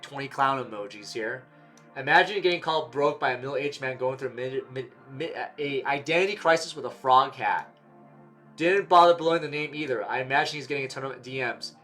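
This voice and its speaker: A man's voice: medium pitch, bright, forceful tone. A young man giving blunt, exasperated reaction commentary, swearing freely and mocking what he reads. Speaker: commentary streamer.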